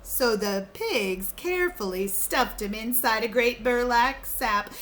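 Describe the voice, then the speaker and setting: A woman reading a storybook aloud to children like a teacher, expressive, and pausing to ask them questions. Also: a little high, a little hiss or hum. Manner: expressive, asking the listeners questions.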